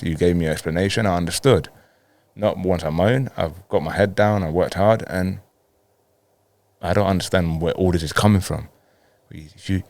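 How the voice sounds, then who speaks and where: A young man from Colombia, a professional footballer telling his story in a laid-back way, acting out quick bits of dialogue. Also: deep voice, fairly even intonation, a little mellow. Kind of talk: casual storytelling interview.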